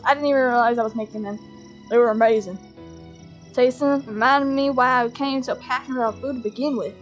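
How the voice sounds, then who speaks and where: A woman reading a dating game's text aloud as she plays, excitable and quick to laugh, with mock outrage. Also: a little high. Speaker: gaming streamer. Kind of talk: let's play commentary, reading game text aloud.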